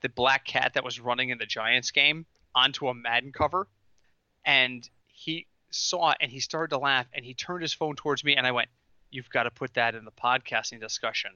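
A man co-hosting a casual podcast, telling stories in an animated way and laughing through his lines. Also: mid-range voice, moderate pace, smooth, dry recording, lo-fi sound. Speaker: podcast co-host.

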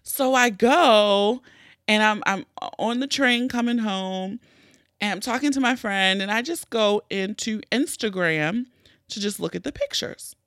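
A woman hosting a podcast, telling a personal story in a candid, animated way with plenty of swearing. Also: mid-range voice, a little slow, no room sound, studio quality. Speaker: podcast host. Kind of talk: casual storytelling.

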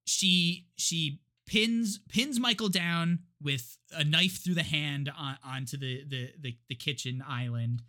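A man's voice: on the high side, takes it slowly, few pauses, pushed and bright. A man co-hosting a podcast, retelling a movie's plot in casual chat with lots of restarts and laughs. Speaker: podcast co-host.

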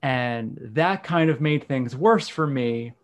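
Give me a frank man telling a story in a relaxed chat. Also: medium pitch, takes it slowly. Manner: candid, frank, occasional swearing. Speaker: guest. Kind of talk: casual storytelling in a conversation.

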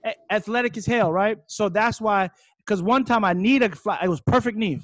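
Excitable high-voiced young man. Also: normal speed, dry recording. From Hawaii. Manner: excitable, rambling, bursts into loud shouts. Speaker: fighter telling his story. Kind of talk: casual interview talk.

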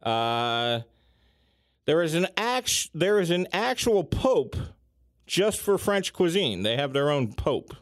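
A man's voice: on the high side, takes it slowly, no echo. Chatty man with a dry close sound. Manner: chatty, lively emphasis with filler ums. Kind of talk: casual chat.

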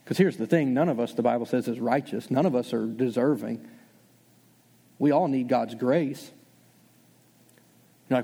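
A man preaching a sermon as pastor, talking conversationally and acting out his listeners' doubts in quick asides. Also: mid-range voice, creaky, slightly rough, big-room sound. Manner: fast, animated preaching.

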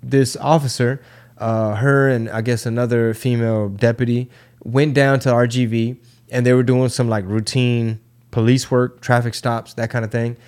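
A man's voice: medium pitch, flat delivery, normal speed, darkish tone. A man co-hosting a podcast, telling a story in loose, profane slang and acting out the quotes. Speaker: podcast co-host. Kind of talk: casual chat, storytelling.

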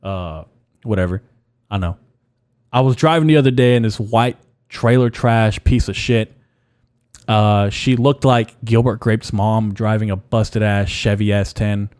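This young podcast host speaks a little slowly in a fairly low, darkish voice. Ranting casually on his own, he's blunt, curses heavily and repeats himself often, and the studio sound is clean with no echo.

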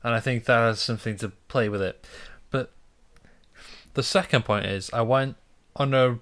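A man's voice: mid-range voice, moderate pace, fairly bright tone. Hesitant young man. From Britain. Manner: hesitant, repeats words while storytelling. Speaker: podcast co-host. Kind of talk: casual chat.

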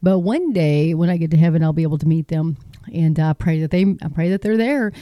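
A woman's voice: low voice, fairly quick, mellow, no echo, clean studio sound. A middle-aged woman from Texas with a Texan accent, chatting in a folksy, rambling way as she reads news aloud and encourages her Christian viewers. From Texas, United States. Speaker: Christian video host. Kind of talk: casual talk reading news aloud.

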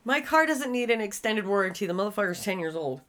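A woman's voice: medium pitch, animated, fast, fairly bright tone. A young adult woman co-hosting a podcast, chatting casually with profane, giggly banter. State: cut tongue. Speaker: podcast co-host. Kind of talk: casual chat.

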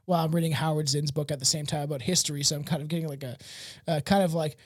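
A man's voice: on the high side, fairly even intonation, racing, breathy edge, no echo, clean studio sound. A man hosting a podcast, rambling casually with frequent laughs and swearing. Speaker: podcast host.

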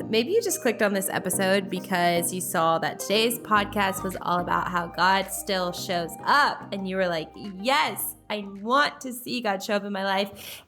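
A woman's voice: medium pitch, a bit bright. A young woman hosting a faith podcast in casual, upbeat chat. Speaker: podcast host.

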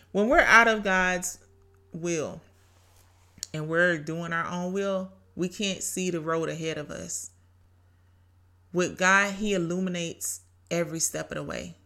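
Bright-voiced woman preaching casually. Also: fairly low pitch. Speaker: podcast host. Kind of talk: faith-based solo podcast talk. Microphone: home podcast mic.

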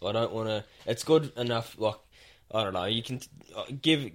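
A man's voice: on the low side, expressive, normal speed. Young Australian guy rambling in a shed. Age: young adult. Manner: rambling, swearing, laughs easily. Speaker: podcast host. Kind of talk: casual chat.

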